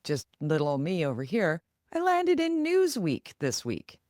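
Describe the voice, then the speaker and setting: A woman's voice: lowish voice, dry recording, clean studio sound. Chatty Canadian woman co-host. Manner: animated, quick to act out quoted voices. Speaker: podcast co-host. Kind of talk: casual chat.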